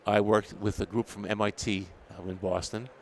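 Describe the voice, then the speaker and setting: Speaking in a lowish voice at a normal pace, an older man from New York City, a dental technology editor, swaps stories in a laid-back interview. He brings quoted exchanges to life by acting them out and laughs a lot, against slight background noise and faint trade show ambience.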